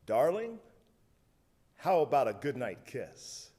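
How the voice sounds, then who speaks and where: A man's voice: mid-range voice, sing-song, takes it slowly, mellow. A man voicing a young man who keeps pleading for a goodnight kiss. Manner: wheedling, pleading.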